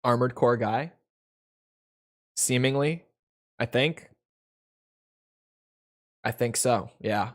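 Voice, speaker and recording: A young man streams a video game, chatting loosely and tearing into the mission text with sarcastic remarks. His voice is mid-range, and he talks very slowly with frequent pauses.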